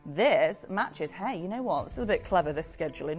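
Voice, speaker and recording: A woman's voice: on the low side, lively intonation, a little fast, darkish tone, faint music behind. A woman presenting on a live shopping channel, selling jewellery with gushing, effusive patter.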